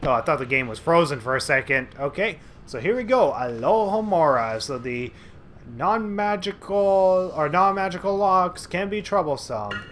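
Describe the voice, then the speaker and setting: A man's voice: a little high, very animated, moderate pace, a bit bright, a little hiss or hum. A man giving casual, rambling commentary over a video game he is playing at home, with lots of fillers and restarts. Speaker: let's play host.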